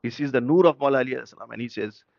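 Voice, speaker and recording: A man's voice: mid-range voice, racing, creaky, dry recording, highs cut off. A man preaching an impassioned sermon at a mourning gathering. He fires off rhetorical questions and switches between English and Urdu.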